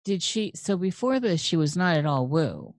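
A woman's voice: fairly low pitch, sing-song, normal speed, a little mellow, no echo, studio quality. A woman hosting an interview, asking curious questions and laughing along. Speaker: podcast host. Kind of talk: conversational interview.

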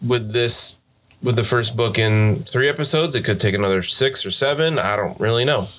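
An American man narrating and running a tabletop role-playing game as game master, chatty and quick to laugh. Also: medium pitch, fairly bright tone. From United States.

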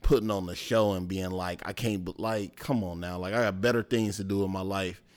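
A very deep-voiced man chatting casually in as a podcast co-host. He talks through his opinions reflectively, with lots of filler words. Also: fairly even intonation, a little fast. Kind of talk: casual chat.

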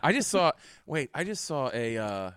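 A man's voice: mid-range voice, sing-song, moderate pace, fairly bright tone, smooth, no echo. A man, a comedian hosting a podcast, rambling through comedic stories and laughing at his own bits, recorded in a large empty hotel conference room. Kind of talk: casual comedic banter.

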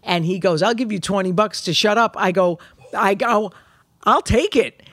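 A woman's voice: mid-range voice, normal speed, no echo. A brash middle-aged woman comedian tells stories with lots of energy and plenty of swearing. Her voice sits in a middle range. The sound is dry and close. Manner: brash, animated storytelling with profanity. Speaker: comedian guest. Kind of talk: casual chat.

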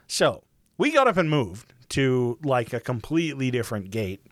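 A young man telling a story in casual chat, profane and animated, full of fillers. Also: medium pitch, moderate pace, dry recording, studio quality.

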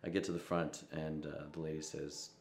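Deep-voiced man telling a personal story. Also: flat delivery, normal speed, roomy sound, slight background noise. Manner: reflective, quotes voices with soft asides and laughs. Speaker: musician interviewed.

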